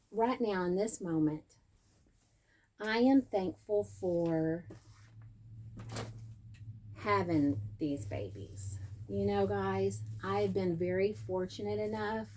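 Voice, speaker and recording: A woman's voice: medium pitch, slow, pauses often, warm tone, a little hiss or hum. A woman hosting a casual vlog from home, chatting in a rambling, self-deprecating way. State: out of breath. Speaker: host. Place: seated at home.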